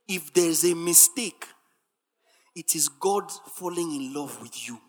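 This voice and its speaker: A husky, forceful preacher whose pitch leaps and falls with every phrase, swinging between hushed asides and shouted, chanting refrains. The voice rings out through the long reverb of a large hall. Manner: emphatic, repetitive, swings from soft asides to shouted sing-song refrains. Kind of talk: sermon.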